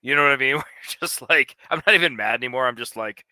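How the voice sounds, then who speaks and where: Male co-host, sharp bright tone, sarcastic and profane, dry close recording. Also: medium pitch, fast talker, hardly any pauses, no echo. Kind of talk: casual sports chat.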